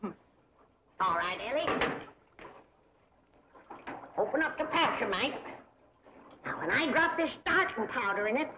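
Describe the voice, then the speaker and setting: A woman's voice: fairly high pitch, sing-song, unhurried. An actress playing a feisty old hillbilly grandmother who makes love charms, with a folksy, bossy manner. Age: older. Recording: dull old TV sound with noise.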